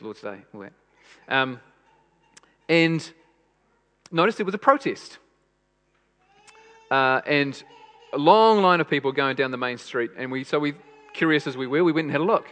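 A medium-pitched, slightly bright man delivers a sermon with earnest conviction. He drives points home by repeating phrases, and long hall reverb surrounds his voice.

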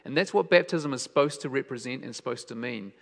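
A male preacher speaks at an ordinary pitch. He tells his stories by dropping to hushed lines and then rising into emphatic questions, and his voice rings out with a long hall reverb behind it. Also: fast, vocal fry. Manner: storytelling, shifts between soft hushed lines and raised emphatic questions. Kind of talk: sermon.

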